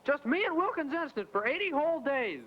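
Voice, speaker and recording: A man's voice: extremely high pitch, sing-song, fairly quick. A man voicing a cheerful little male puppet who slyly pushes coffee. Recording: lo-fi old commercial audio.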